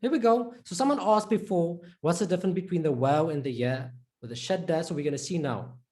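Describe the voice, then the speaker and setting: Patient man teaching in a mellow voice. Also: a little high. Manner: patient, repeats example words slowly and drawn out; informal, fillers like "right?" and "okay". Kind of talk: recorded online lesson.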